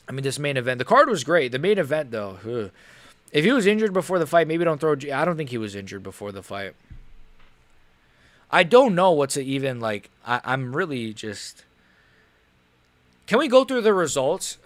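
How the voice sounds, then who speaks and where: A man's voice: medium pitch, a bit bright, dry recording. A young man hosting a live stream, reacting in casual, rambling talk, frustrated and swearing. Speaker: livestream host.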